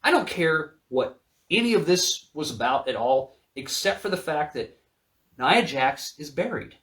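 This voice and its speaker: Animated man recapping wrestling. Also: a little high, a little slow. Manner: animated, profane recapping from notes. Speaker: podcast co-host. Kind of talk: casual wrestling recap chat.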